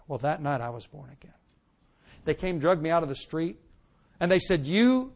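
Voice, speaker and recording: A man preaching a sermon testimony, telling his story with animated swings from loud to hushed and acting out the lines he quotes. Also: high voice.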